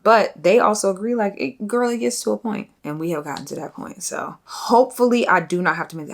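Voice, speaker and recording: A young adult woman vlogger talking casually to her viewers, venting in an animated, exasperated way with slangy asides. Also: low-pitched. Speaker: beauty vlogger. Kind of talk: casual vlog rant to camera.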